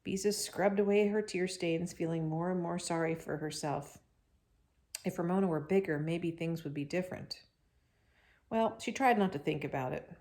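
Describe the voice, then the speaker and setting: A woman reading a chapter book aloud to children, expressive and breaking off for chatty asides to them. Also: on the low side, moderate pace.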